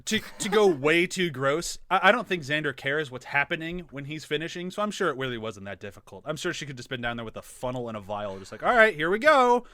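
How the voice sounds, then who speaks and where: A man co-hosting a casual podcast, animated and laughing often, swearing freely. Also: medium pitch, fast, hardly any pauses, no room sound. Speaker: podcast co-host.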